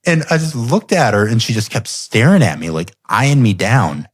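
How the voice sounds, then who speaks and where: A man whose voice is on the low side talks at a moderate pace over a dry recording. He hosts a podcast, telling family tales casually with plenty of laughter and mounting animation.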